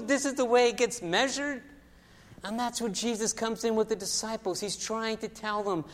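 High-voiced pastor preaching in a hall. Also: male voice, moderate pace. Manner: storytelling, animated with acted voices, repeats words. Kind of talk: sermon. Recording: long hall reverb.

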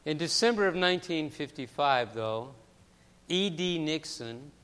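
A man preaching a sermon as pastor, telling a story that swings from hushed passages to loud, emphatic ones. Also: on the high side, lively intonation, unhurried, smooth, long reverb tail.

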